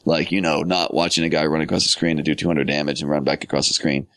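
A man's voice: very deep voice, flat delivery, fast talker, few pauses, a bit bright, no echo. A man co-hosting a gaming podcast, teasing and sarcastic in casual banter. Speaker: podcast co-host.

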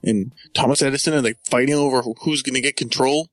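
A man hosting a casual gaming podcast, trading quick jokes with his co-host. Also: medium pitch, fairly even intonation, dry recording, clean studio sound. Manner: jokey, quick banter. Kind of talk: casual chat.

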